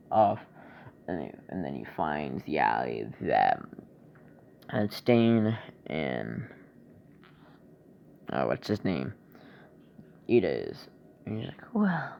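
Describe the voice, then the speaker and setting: A man casually retelling a fan story, rambling and halting as he searches for words, on a dull lo-fi recording. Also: lowish voice, gravelly.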